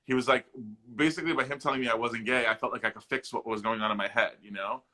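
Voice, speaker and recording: A man, an actor and comedian, telling personal stories in a casual interview with animated jokes and impressions. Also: mid-range voice, quick pace, low-quality recording. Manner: animated, jokey, mimics the people in his stories; loose, with frequent fillers and restarts.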